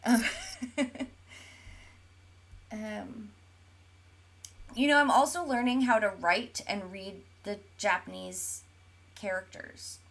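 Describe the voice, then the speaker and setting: Here her mid-range voice is creaky and a bit bright, fairly even in intonation, taking things slowly with frequent pauses. The Oklahoman gaming podcast co-host chats casually on stream, reading out viewer comments amid lots of fillers.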